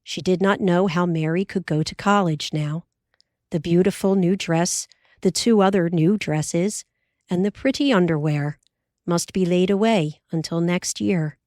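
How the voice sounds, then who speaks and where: This is a woman narrating an audiobook at a slow, measured pace. Her voice sits fairly low, and the recording is close and dry. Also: darkish tone, no echo. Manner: measured and unhurried. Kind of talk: scripted narration.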